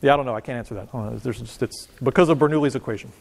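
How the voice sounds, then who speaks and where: A man's voice: mid-range voice, racing, gravelly. A man teaching a university physics lecture in a casual, joking way, talking straight to his students. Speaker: physics professor. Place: lecture hall. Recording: long reverb of a lecture hall.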